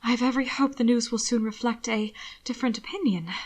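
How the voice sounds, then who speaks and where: A woman voicing an earnest young gentleman who speaks gently and sincerely. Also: on the high side, fast, lightly acted.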